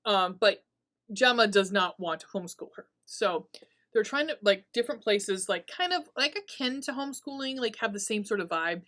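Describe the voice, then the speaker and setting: A woman's voice: mid-range voice, normal speed. A woman hosting a podcast, casually recapping a horror movie, swearing freely and laughing often as she tells the story. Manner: profane, laughing, animated storytelling. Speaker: podcast host.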